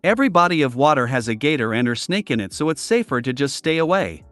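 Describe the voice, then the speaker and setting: A man's voice: medium pitch, very animated, fast, fairly bright tone, no room sound, soft background music. A man voicing a patient but blunt male resort manager in a storytelling video. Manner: polite then firmly blunt.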